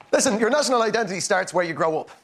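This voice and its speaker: A man's voice: high-pitched, animated, fairly quick, fairly bright tone. An Irish man doing a wry stand-up routine in a TV studio. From Ireland. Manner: wry, storytelling. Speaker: stand-up comedian. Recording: studio audience laughter.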